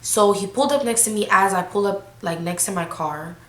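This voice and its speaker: A woman's voice: mid-range voice, a little fast, roomy sound. Eighteen-year-old woman, slangy storytime vlog. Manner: casual, slangy, breathless retelling. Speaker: vlogger.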